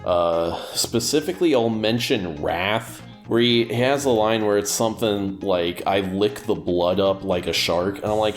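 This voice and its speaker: A man co-hosting a podcast, talking casually about music with dry, deadpan humor. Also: fairly low pitch, measured pace, few pauses. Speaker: podcast co-host reviewing an album. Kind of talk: casual chat.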